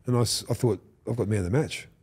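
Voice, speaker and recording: A man's voice: on the low side, quick pace, slightly rough. A man in his fifties with an Australian accent tells stories on a podcast. He acts out what other people said and swears freely in casual chat. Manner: animated storyteller who acts out quotes, swears and laughs. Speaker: podcast guest, former rugby league player.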